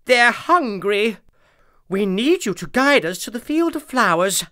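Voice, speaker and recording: Narrator as a high-pitched, commanding queen bee in a children's story, bright and lively. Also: unhurried. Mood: stern. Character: bossy female Queen bee.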